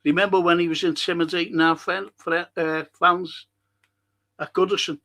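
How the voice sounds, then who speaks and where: A man's voice: sits high, steady tone, moderate pace, creaky, sharp tone. An older man hosting a live podcast, reading viewer comments and talking in a rambling, passionate way, swearing freely. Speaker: podcast host.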